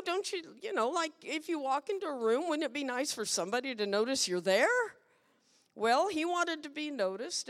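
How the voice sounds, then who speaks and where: A woman guest preacher giving a lively, playful sermon and asking the congregation questions. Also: high-pitched, long reverb tail. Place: church sanctuary.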